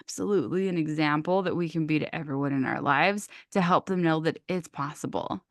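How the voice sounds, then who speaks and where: A woman's voice: sits low, fairly quick, no echo. A woman hosting a podcast interview, speaking in an effusive, encouraging way. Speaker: podcast host. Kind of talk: casual interview chat.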